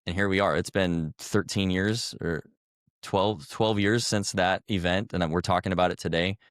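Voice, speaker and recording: Deep-voiced man telling an earnest story. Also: steady tone, normal speed, clear, resonant tone, no room sound, studio quality. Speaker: guest, former army officer and coach. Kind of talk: telling a story in a podcast interview.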